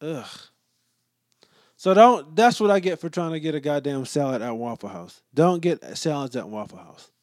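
A man telling a story in a casual rant, profane and exasperated, sometimes dropping to low muttered asides. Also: lively intonation, moderate pace, darkish tone, no room sound, clean studio sound.

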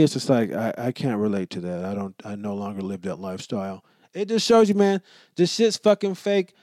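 A man's voice: on the high side, dry recording, studio quality. A young adult man hosting a podcast, talking casually and joking with a lot of profanity. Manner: profane, joking, animated storytelling. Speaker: podcast host. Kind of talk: casual solo podcast monologue.

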